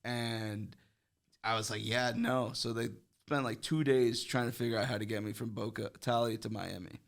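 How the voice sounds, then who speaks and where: Gravelly young man telling a wild story. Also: mid-range voice, fairly even intonation, moderate pace. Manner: rambling, heavy on fillers, swearing. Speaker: podcast guest. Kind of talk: casual storytelling.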